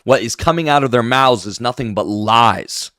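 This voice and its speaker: A man's voice: medium pitch, moderate pace, pushed and bright, no echo, clean studio sound. A man hosting solo political commentary, indignant and ranting passionately.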